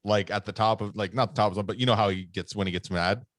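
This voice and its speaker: Low-voiced man telling a rambling story. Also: fairly even intonation, fast talker, fairly bright tone, no echo, clean studio sound. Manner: rambling, lots of fillers and swearing. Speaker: podcast co-host. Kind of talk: casual storytelling chat.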